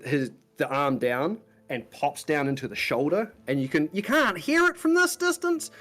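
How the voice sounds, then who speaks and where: A man serves as game master for a tabletop game, describing scenes in a meandering, detailed way. His voice sits in the mid range with a fairly bright tone.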